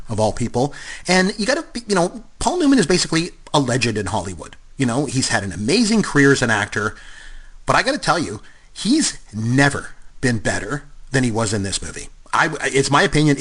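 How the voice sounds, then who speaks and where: A man's voice: mid-range voice, fairly quick, breathy edge. A Canadian man in his fifties co-hosting a podcast, chatting loosely about movies with lots of fillers and restarts. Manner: rambling, animated, lots of fillers. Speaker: podcast co-host. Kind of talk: casual movie chat.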